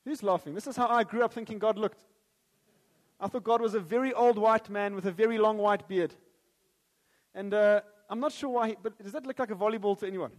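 A man delivers a sermon in a church. His voice is high and ringing, with long reverb trailing off the hall walls. He mixes light jokes with earnest prayer. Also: fairly quick. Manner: jokey and animated at first, then earnest and prayerful. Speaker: preacher.

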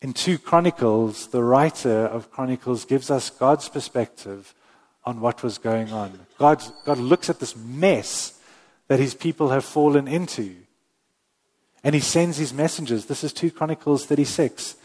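A man preaching a sermon, earnest, with slow emphatic pauses and the odd self-correction. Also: mid-range voice, a little mellow. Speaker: pastor. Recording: long hall reverb.

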